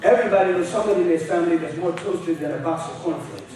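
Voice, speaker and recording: Man preaching, high voice, slangy, shouts, booming church echo, mic far off. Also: racing, a crowd in the background. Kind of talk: revival sermon. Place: church sanctuary. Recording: echoey hall, distant mic.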